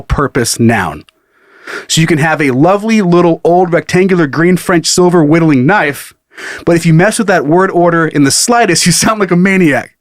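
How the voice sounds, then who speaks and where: A man's voice: on the high side, dry recording. Male podcast co-host, casual, laughs a lot, swears freely, dry booth sound. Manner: laughs often, swears casually, reads lists aloud. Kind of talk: casual comedic chat.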